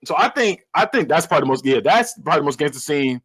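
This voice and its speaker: A podcast host, a man with a fairly high voice, recaps a film in loose, laughing chat. His pitch leaps all over as he tells the story, and the close mic sounds dry and dead. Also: quick pace, breathy edge, no echo, poor audio. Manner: animated storytelling, acts out lines, laughs often, swears casually. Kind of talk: casual movie recap chat.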